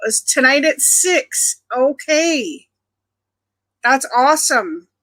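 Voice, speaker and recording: Middle-aged woman from Ontario, livestream host; chatty and friendly with viewers, bright, slightly high voice. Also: expressive, slow pace. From Canada (Ontario). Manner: chatty, greets viewers by nickname. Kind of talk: casual chat with live viewers.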